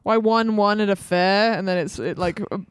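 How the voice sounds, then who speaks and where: A woman's voice: medium pitch, fairly quick, clear, resonant tone, dry recording. A woman musician chatting as a podcast guest, telling loose stories with fillers and laughs. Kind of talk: casual podcast chat.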